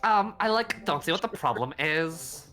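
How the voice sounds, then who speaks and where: A man's voice: a little high, animated, moderate pace, bright, forceful tone, faint music behind, voice pushed up. A man voicing a ditzy young valley girl customer who fills every phrase with "like". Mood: whiny. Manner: airy, full of "like" fillers.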